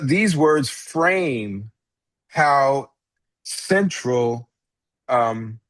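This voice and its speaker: A man's voice: medium pitch, no room sound. A pastor giving an informal Bible class lecture, talking conversationally and restarting phrases as he explains. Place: church classroom.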